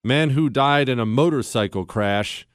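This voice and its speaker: A man hosting a political commentary show, animated and sarcastic, slipping into mocking voices. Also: mid-range voice, unhurried, clean tone, dry recording, clean studio sound. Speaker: host.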